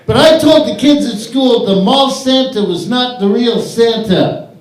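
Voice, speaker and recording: A man's voice: very high voice, a little slow. A man hosting an open mic stand-up night, crude, rambling and self-mocking on a stage microphone. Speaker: comedy open mic host. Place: comedy stage in a theater. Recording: echoey live room.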